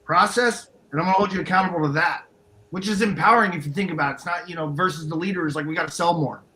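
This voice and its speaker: Bright-voiced enthusiastic podcast co-host man. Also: on the high side, rapid-fire, a little hiss or hum, rough recording. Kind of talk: casual podcast conversation.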